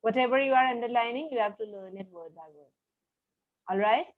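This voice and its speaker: An English teacher leads a literature lesson over a video call, her voice fairly high and brisk, on a dry recording with tinny, phone-like audio. She explains each passage step by step and keeps checking understanding with "all right."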